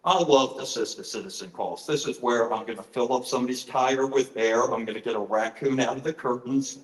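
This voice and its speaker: Middle-aged male author, mid-pitched, earnest storyteller, roomy conference-hall sound. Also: fairly quick. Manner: earnest, storytelling, frequent fillers. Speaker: author giving a presentation. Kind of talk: conference talk with personal stories.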